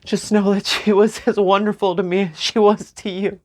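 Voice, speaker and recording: A young woman speaking slowly and tearfully in a personal memorial vlog, with soft nervous laughs. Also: medium pitch, flat delivery. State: crying. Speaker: vlogger.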